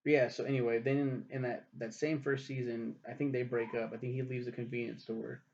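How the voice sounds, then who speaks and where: A man's voice: medium pitch, level tone, fairly quick, vocal fry, darkish tone, a little hiss or hum. A young man casually reviewing a TV show, rambling and ranting with lots of swearing. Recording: dull lo-fi recording.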